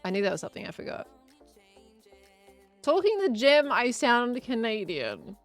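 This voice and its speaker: A woman's voice: fairly high pitch, big pitch swings, moderate pace, faint music behind. Chatty woman streaming a game. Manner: chatty, reads out chat messages and muses aloud while building. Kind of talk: casual live-stream chat while gaming.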